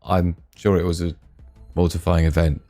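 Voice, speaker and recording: Over faint background music, a low-pitched man speaks at normal speed in a level, dark tone. He's running a relaxed live chat, reading comments, joking with viewers, calling them pet names, and laughing frequently.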